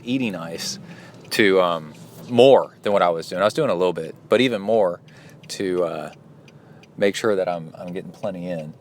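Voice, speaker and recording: Lower-pitched middle-aged man rambling. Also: a bit bright, a little hiss or hum. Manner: rambling, with many fillers and restarts. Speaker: podcast host and triathlon coach. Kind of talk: casual solo podcast recap.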